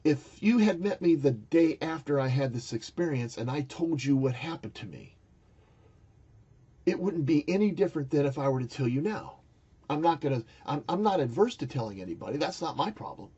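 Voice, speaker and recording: Older male vlogger, husky and mellow, meandering monologue with restarts, dull lo-fi sound. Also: a little high, very animated, fairly quick. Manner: rambling, searching for words, frequent restarts. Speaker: YouTuber recounting a spiritual experience. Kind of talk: casual monologue to camera.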